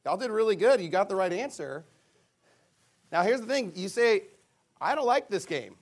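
A man's voice: high voice, normal speed. A man preaching a sermon as pastor, playing a call-and-response game with children and talking playfully to the congregation. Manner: lively, playful with kids, calls out to the crowd.

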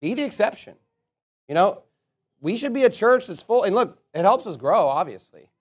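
A man preaching a sermon as a pastor, emphatic, swinging between loud declarations and quiet asides. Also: high voice, very animated, normal speed, breathy edge.

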